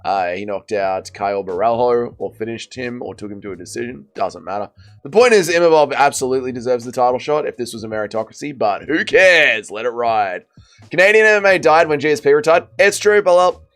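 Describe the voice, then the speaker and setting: A man's voice: mid-range voice, fairly quick, soft background music. A man hosting a casual livestream, reading chat and commentating fights with blunt, profane banter. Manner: blunt, swearing, excitable banter. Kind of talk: casual watch-party commentary.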